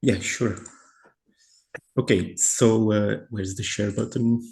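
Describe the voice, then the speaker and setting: A man's voice: lowish voice, fairly even intonation, takes it slowly, gravelly, darkish tone. A man giving a presentation on a video call, hesitant and full of fillers and restarts. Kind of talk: online meeting presentation.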